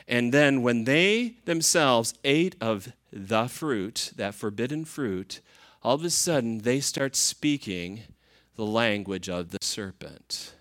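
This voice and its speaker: A man's voice: medium pitch, expressive, takes it slowly, fairly bright tone. A man preaching a sermon, talking to his listeners in a conversational way. He keeps asking them questions as he goes. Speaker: pastor.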